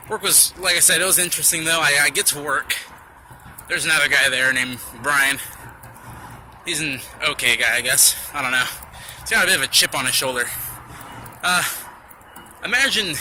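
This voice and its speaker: Bright-voiced young man telling a story. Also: fairly high pitch, a little hiss or hum. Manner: rambling, profane, animated. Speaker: vlogger. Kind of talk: casual storytelling.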